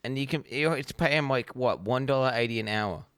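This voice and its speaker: A man's voice: medium pitch, a little fast, a bit bright, clear, resonant tone, no echo, studio quality. A man, streaming and giving blunt, rambling reaction commentary, swearing freely.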